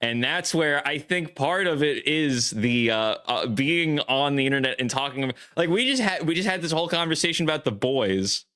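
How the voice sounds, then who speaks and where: Man, New York accent, easygoing, halting restarts, bright tone. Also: on the high side, animated, clear, resonant tone. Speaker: podcast co-host. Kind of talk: casual chat, reading viewer comments.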